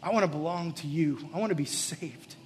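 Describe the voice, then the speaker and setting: A man with a slightly raised pitch preaches live to a gathered crowd as their pastor. He speaks earnestly, urging and pleading, and often sinks into soft, intimate tones during the altar call and prayer. A faint hum of the room sits behind him. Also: a little fast. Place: church or youth gathering, live.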